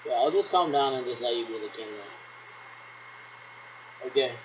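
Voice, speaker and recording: A man's voice: medium pitch, animated, moderate pace, slight background noise, low-quality recording. A man rambling through pretend radio checks on his own, ending turns with "over". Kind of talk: solo role-played radio checks.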